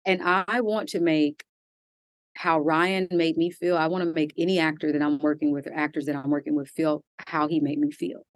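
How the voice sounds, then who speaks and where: A woman, an actress, answering interview questions in an animated way, laughing and using many fillers. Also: low-pitched, moderate pace, no echo. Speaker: actress guest.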